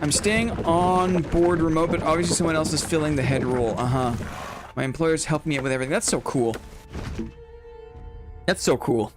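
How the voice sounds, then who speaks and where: A man's voice: a little high, steady tone, brisk, long pauses, music in the background. A man casually commenting while he plays a game on a live stream, chatting playfully with his viewers and reading their messages aloud.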